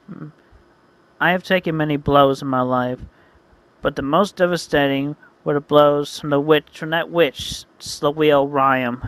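Man, high voice, bright tone, earnest story narration, frequent restarts. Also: no room sound, poor audio. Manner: earnest, frequent self-corrections. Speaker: comic creator reading his own comic.

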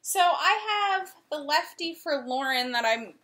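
A young woman chatting casually as a video co-host in her apartment. Her voice sits high and bright. She talks in quick runs with restarts and acts out little quotes. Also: animated. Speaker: podcast co-host. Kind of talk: casual chat. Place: apartment living room. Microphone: camera.

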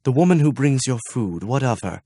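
A hopeful young man full of plans, read by a male narrator, speaking with reassuring energy. His mid-pitched voice is close and dry, like a storybook reading. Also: expressive, a little fast, dark tone, breathy edge, dry recording. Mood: eager.

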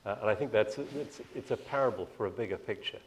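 A man with a plummy British accent speaking on a panel, measured and self-deprecating, with a lot of hesitation. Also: fairly low pitch, a little hiss or hum. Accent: British, Cambridge-educated. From Ireland. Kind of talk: panel discussion.

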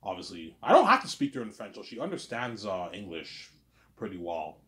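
A young man with a somewhat low voice rambles through a solo monologue. He brags and circles back on the same points. He often trips over and repeats his words. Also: huge pitch swings, brisk, fairly bright tone. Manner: boastful, repetitive, stumbling over words. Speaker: vlogger.

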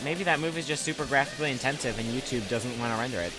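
A man's voice: medium pitch, rapid-fire, rough recording. A man teasing his friend while they commentate a video game together. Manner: teasing, playful banter. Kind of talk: casual gameplay commentary. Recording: game music behind.

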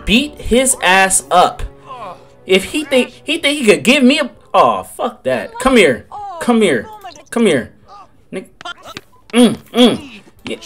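A young man reacting to a game as he plays, excitable and full of slang. His pitch swings widely, and he breaks into loud outbursts between slower stretches. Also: soft background music. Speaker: gaming creator. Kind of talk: live game commentary.

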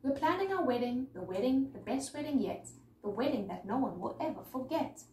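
Lady doing a worried earnest scarecrow bride, storybook, highish voice, echoey. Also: lively intonation, a little fast, dark tone. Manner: earnest, pleading. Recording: echoey room, mic far off, faint noise.

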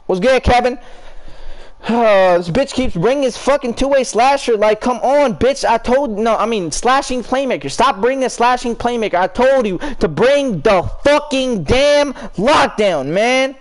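A young man with a fairly high voice calls out teammates mid-game in heated, cursing trash talk. Between plays he greets his chat and answers viewers, still swearing through it. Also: expressive, unhurried. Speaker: streamer. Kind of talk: live gameplay commentary and chat talk.

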